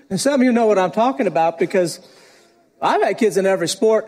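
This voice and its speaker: A middle-aged man preaching with a strikingly high-pitched voice. He tells his story animatedly and laughs along as he goes, in the manner of a pastor's sermon. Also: darkish tone.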